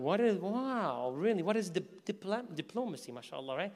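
A man gives an animated storytelling sermon in a high voice, acting out the people in his story and raising his voice at the peaks. His words ring out with a long echoing reverb, as in a large hall with an audience. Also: normal speed, hardly any pauses. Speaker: preacher.

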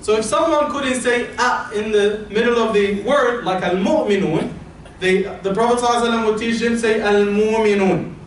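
Egyptian-accented male imam, fairly high voice, explanatory sermon, captured far off in a booming mosque hall. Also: fast, hardly any pauses. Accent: Egyptian Arabic. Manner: explanatory, uses everyday comparisons. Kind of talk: Friday sermon. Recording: booming echo from far off, faint room hum.

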